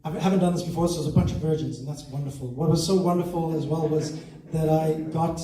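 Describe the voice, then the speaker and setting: A man working a theatre crowd with a stand-up set, his voice a touch high for a man. He is loose and self-mocking and laughs at his own lines. The sound bounces around the hall and comes from some way off the mic. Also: steady tone, quick pace, mellow. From South Africa. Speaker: stand-up comedian. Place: theatre stage before a live audience. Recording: echoey hall from far off.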